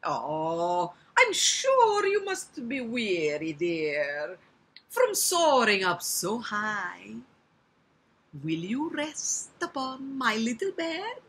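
A woman voicing a cunning, flattering male spider with a put-on Italian accent, in a dramatic poetry recitation, drawn-out and sing-song. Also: a little high, slightly rough, heavily acted. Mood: schmoozing.

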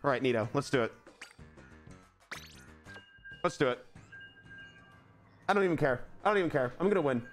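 A man giving live commentary as he plays a video game, excitable, jumping from low muttering to sudden yelps and repeating phrases over and over. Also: fast, soft background music. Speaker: streamer.

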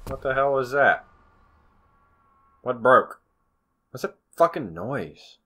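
A man's voice: medium pitch, expressive, slow pace, slightly rough. Sarcastic man cursing through a horror game. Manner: sarcastic, swears often, yells at the game. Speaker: gamer. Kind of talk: horror let's play commentary.

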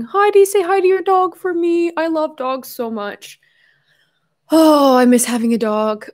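A young adult livestream host talks from home in a medium-pitched voice, effusive and casual as she reads out viewers' messages with fast asides and self-corrections.

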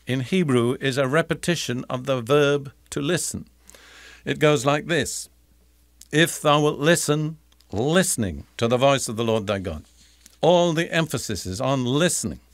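An older man teaching the Bible in a deliberate, emphatic sermon style, repeating key phrases. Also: mid-range voice, no room sound.

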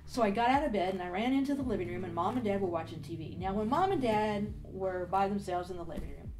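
A woman's voice: mid-range voice, lively intonation, quick pace, a little mellow. Woman telling a vivid personal story. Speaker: interviewee giving a faith testimony. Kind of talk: storytelling interview.

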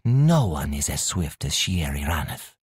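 A man's voice: very deep voice, big pitch swings, measured pace, slightly rough, dry recording, studio quality, voice pushed down, full character voice. A man voicing a proud, swift female magical cat who speaks tersely and disdainfully in an audiobook. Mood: haughty.

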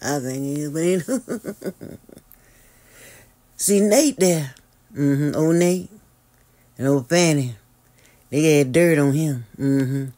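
A host giving sassy gossip commentary, drawling and teasing, with sudden high squeals and long hums. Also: slow pace, pauses often, warm tone.

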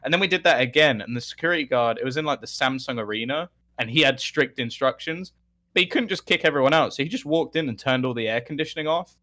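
A young man, an esports caster, telling anecdotes in a casual podcast chat, animated, with laughs and frequent restarts. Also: medium pitch, quick pace.

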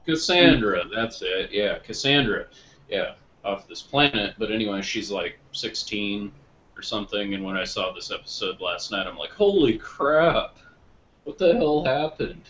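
A man chatting casually on a podcast, rambling and correcting himself, getting animated when he retells stories. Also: fairly low pitch, moderate pace. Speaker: podcast co-host. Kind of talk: casual chat. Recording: muffled lo-fi online call audio with faint noise.

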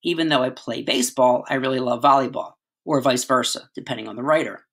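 A middle-aged male teacher with a bright, forward voice, talking through a writing lesson. He keeps it casual and conversational, pausing to check in with his listeners. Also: medium pitch, vocal fry. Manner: conversational, frequent "right?" and "all right" checks.

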